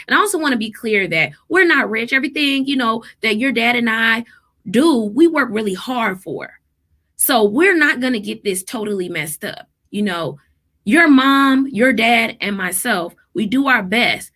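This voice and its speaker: A woman in her thirties, a therapist and mother, telling parenting stories in a casual, emphatic vlog style. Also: on the high side. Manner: animated, emphatic, quotes people in lively voices.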